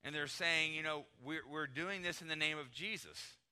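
A man's voice: a little high, normal speed, pushed and bright, clean tone. A middle-aged American man preaching a sermon in a conversational, emphatic way, acting out short everyday dialogues. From United States. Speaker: pastor.

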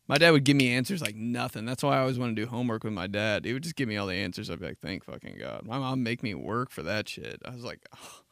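A young man hosting his own podcast, telling loose, profane stories with quick asides. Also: mid-range voice, fairly bright tone, dry recording. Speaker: podcast host. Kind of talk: casual solo podcast monologue.

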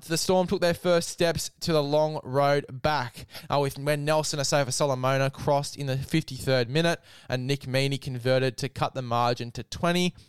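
A man's voice: fairly high pitch, smooth, no echo. A man hosting, giving a casual sports recap and chatting, dropping "mate" into most sentences. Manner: chatty, says "mate" often. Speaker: host.

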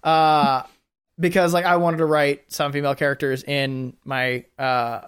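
Hesitant man with a clear voice. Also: fairly high pitch, level tone, unhurried, a bit bright. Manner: hesitant, many "like"s and restarts. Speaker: podcast co-host. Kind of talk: casual chat.

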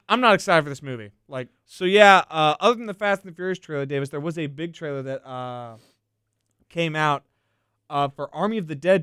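Smooth young man chatting about movies. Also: on the high side, fairly bright tone, dry recording, studio quality. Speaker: podcast co-host. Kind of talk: casual chat about movies.

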